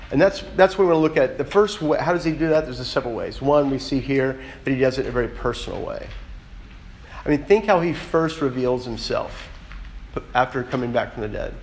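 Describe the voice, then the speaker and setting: A man's voice: medium pitch, a little mellow, a little hiss or hum, poor audio. A man preaching a conversational sermon as a pastor, speaking earnestly and directly and often putting questions to his listeners.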